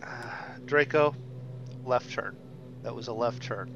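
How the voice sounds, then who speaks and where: An easygoing man flying a sim and chatting, laughing often and tripping over his words. His voice comes through a dull lo-fi mic with a clear bed of noise beneath it. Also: mid-range voice, unhurried. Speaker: pilot on a flight sim stream. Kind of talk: casual chat.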